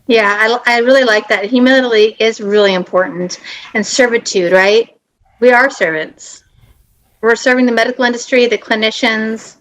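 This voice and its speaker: A woman's voice: a little high, moderate pace, a bit bright, rough recording. A woman hosting a podcast interview, effusive and emotional as she praises her guests. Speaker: podcast host.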